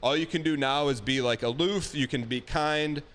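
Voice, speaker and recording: A man with a somewhat high, lively voice gives blunt dating advice, emphatic and animated, mixing in folksy comparisons. He sounds like a host in a casual stream chat. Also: moderate pace.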